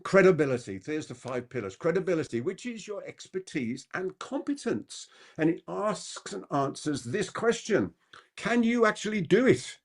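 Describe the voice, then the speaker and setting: A male trainer runs a live masterclass on persuasion, speaking fast and constantly throwing rhetorical questions at his audience. He's animated, and his pitch swings widely.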